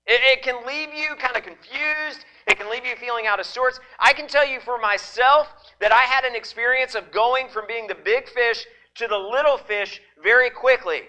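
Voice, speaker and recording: A pastor, a man whose voice sits high and rings with a very bright, forceful edge. He preaches through a microphone in a church, playful and folksy, teasing his congregation as he asks for a show of hands. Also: normal speed, few pauses, rough recording. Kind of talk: sermon. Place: church sanctuary.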